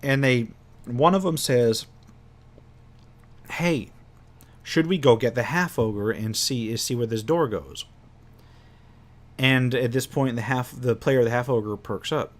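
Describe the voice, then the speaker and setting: A man's voice: mid-range voice, slow, long pauses. A man telling a tabletop game story as game master, casually and with many restarts, acting out his players' lines. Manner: rambling, many restarts, acts out players' voices.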